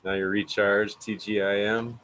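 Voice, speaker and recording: A man with a deep, low voice chats as a podcast guest. His talk is loose and meandering, full of likes and ums, and he swears often, with faint noise behind him. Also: little pitch movement, a little slow, fairly bright tone, low-quality recording. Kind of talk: casual podcast chat.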